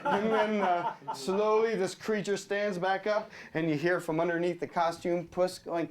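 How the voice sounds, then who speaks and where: A man narrating a storyboard pitch, animated and full of sound effects. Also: a little slow, hardly any pauses. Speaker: story artist. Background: listeners laughing.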